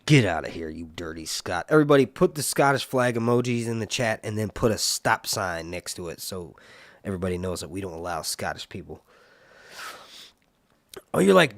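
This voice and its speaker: His voice is on the low side, very animated and a little fast, captured in a dry recording. He's hosting a laid-back live stream about a TV series, joking and rambling while going through comments from viewers.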